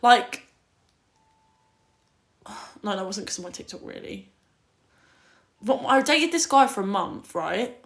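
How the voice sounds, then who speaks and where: A woman's voice: mid-range voice, expressive, takes it slowly, pauses often, fairly bright tone. A young woman from Kent, telling stories in a casual livestream chat, full of fillers and swearing. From Kent, England. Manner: chatty storytelling, lots of "like", swearing.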